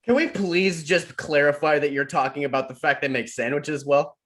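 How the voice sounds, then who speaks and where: A young man co-hosting a casual podcast, laughing often and talking with loud, giddy energy. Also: on the high side, moderate pace. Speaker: podcast co-host. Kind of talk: casual chat.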